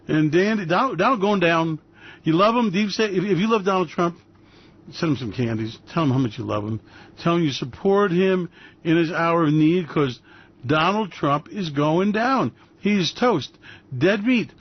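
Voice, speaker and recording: A man hosting a radio show, ranting in mocking, brash commentary that breaks into loud bursts and laughter. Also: on the high side, highs cut off. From New York.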